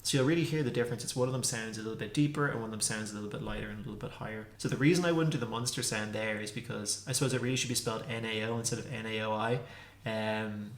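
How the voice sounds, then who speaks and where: A man teaching a casual pronunciation lesson, repeating consonant sounds slowly to demonstrate them. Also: lowish voice. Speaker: language teacher. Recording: echoey room.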